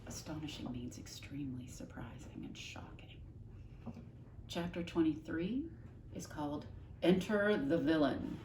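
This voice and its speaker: A woman teacher reading a children's novel aloud to her class, expressive and stopping to explain words. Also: deep voice, unhurried, a little hiss or hum. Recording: echoey room, mic at a distance, faint ambience.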